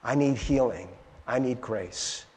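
A man's voice: medium pitch, slow pace. A male pastor preaching a sermon in a conversational way, often checking in with "right?". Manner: animated and conversational, keeps asking "right?". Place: church sanctuary. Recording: long reverb of a large hall.

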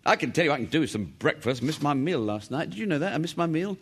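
A man's voice: on the high side, big pitch swings, fast, breathy edge, exaggerated voice. An actor playing a cheeky, hungover man who teases his sulky family and chuckles at his own jokes. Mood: chirpy. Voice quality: boisterous, teasing, chuckling often. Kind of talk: stage comedy acting.

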